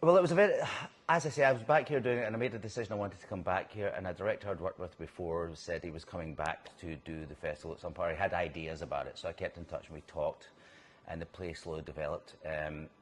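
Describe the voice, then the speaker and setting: Deep-voiced Scottish man, chatty storyteller. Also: quick pace. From Scotland. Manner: animated storyteller, restarts and laughs mid-sentence. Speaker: actor guest. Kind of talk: casual interview chat. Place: whisky bar in a city centre.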